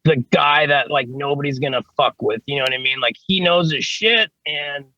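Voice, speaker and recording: Here an HVAC service tech, a podcast guest, speaks with a sharp tone on the high side at a moderate pace. The sound is lo-fi with no echo. He tells stories casually and rambles, swearing here and there and leaning on "you know what I mean."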